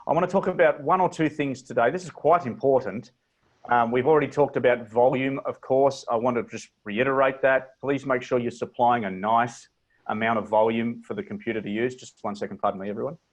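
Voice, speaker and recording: A man with an Australian accent coaching a webinar on speech over a video call, talking in a measured, deliberate way and demonstrating inflections. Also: mid-range voice, fairly even intonation. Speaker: presentation coach. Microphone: computer mic on a video call.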